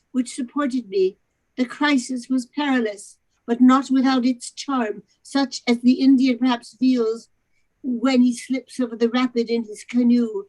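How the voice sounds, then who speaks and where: A woman narrating a novel aloud, expressive, with occasional stumbles over the words. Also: fairly high pitch, low-quality recording. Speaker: narrator in a charity readathon.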